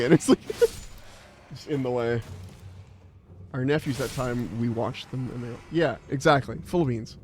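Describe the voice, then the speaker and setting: A man's voice: medium pitch, unhurried, long pauses, a little hiss or hum. An American man chatting casually while he streams a game live, rambling with lots of fillers and laughing easily. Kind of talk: live gameplay commentary and chat.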